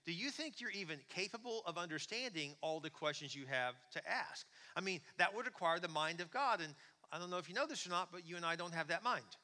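Bright-voiced preacher in a big hall. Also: male voice, high voice, fairly quick. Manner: conversational, animated, asks the congregation questions. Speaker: pastor. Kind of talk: sermon. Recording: long hall reverb.

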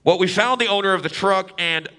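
A man's voice: high voice, fairly quick, pushed and bright, pitched above the performer's own voice. A man voicing a male airline pilot making apologetic announcements over the intercom.

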